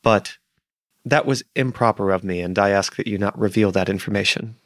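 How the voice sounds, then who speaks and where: A man's voice: lowish voice, brisk, a bit bright, dry recording, clean studio sound, lightly acted. A man voicing a precise, formal older male butler in a tabletop game, speaking deferentially.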